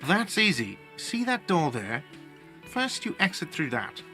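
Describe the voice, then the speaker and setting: A whiny, grumpy cafeteria manager. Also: male voice, on the high side, huge pitch swings, a little slow, bright, forceful tone, faint music behind, full character voice. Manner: curt and defensive.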